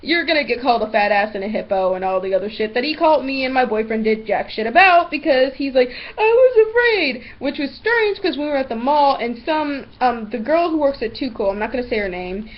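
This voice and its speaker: A teenage girl telling a story in a vlog, blunt and animated, swearing freely. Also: on the high side, brisk, few pauses. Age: teens. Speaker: vlogger. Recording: dull lo-fi webcam audio.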